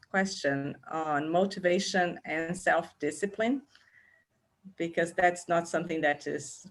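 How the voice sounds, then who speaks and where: A woman reporting back from a group discussion in an online seminar over a video call, in a reflective way. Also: on the low side. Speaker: seminar participant.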